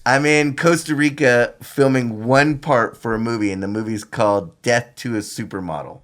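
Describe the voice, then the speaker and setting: A middle-aged man telling animated, laughing stories as a podcast guest. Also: medium pitch, normal speed. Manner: animated, laughing storyteller with lots of "I'm like". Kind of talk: casual storytelling.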